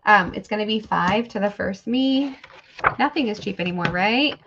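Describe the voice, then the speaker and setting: A woman with a mid-range voice speaks at a normal speed while hosting a live online sale. She chats casually and rambles as she thanks viewers by name. The stream audio is dull and lo-fi, with faint noise.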